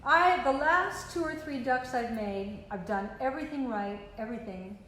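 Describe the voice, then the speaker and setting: A woman's voice: high-pitched, moderate pace, fairly bright tone, a little hiss or hum. Playful older woman host, reverberant room. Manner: playful, teasing, chatty storyteller. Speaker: show host. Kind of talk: casual chat on a sales show.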